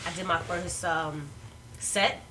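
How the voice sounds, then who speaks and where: A woman comedian telling a casual story with a relaxed, wry manner. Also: on the low side, slow pace, recorded from a distance, noisy background. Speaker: comedian guest.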